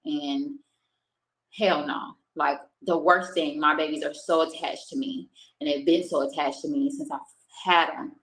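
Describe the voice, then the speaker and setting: With a deep, steady, fairly bright voice and a measured pace, a young streamer tells her viewers about something that happened to her. The casual chat is candid, emotional, and laced with swearing, captured on a low-quality home recording.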